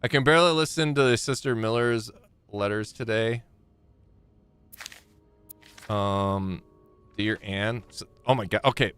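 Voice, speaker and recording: A man streaming a game live, chatting to himself and haltingly reading letters aloud with frequent fillers and restarts. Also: on the low side, fairly bright tone, clear, resonant tone, faint music behind. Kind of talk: live gameplay commentary.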